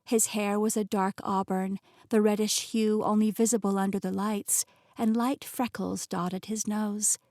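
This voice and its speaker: A woman narrating a novel in first person with lively, expressive delivery. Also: mid-range voice, measured pace, no room sound, clean studio sound. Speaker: audiobook narrator.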